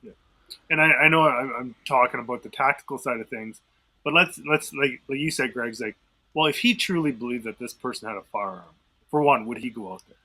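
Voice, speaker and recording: Podcast co-host, man, husky bright tone, talks with fillers and restarts. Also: medium pitch, brisk, low-quality recording. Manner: thinks aloud, many fillers and restarts. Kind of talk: casual discussion.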